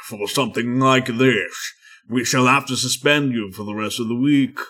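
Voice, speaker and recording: A man's voice: medium pitch, moderate pace, bright, forceful tone. A man voicing a formal, pompous male school principal.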